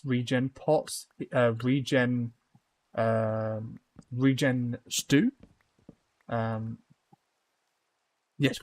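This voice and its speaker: A man's voice: medium pitch, darkish tone. A young man live-streaming a building game, chatting casually with viewers and rambling through lots of fillers and restarts.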